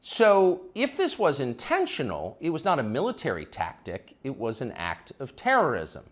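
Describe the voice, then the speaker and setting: A middle-aged man delivers a cable opinion monologue with heavy sarcasm. His pitch swoops dramatically from low to high as he leans hard on each point. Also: wildly swooping pitch, moderate pace. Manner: sarcastic, emphatic. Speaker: commentator.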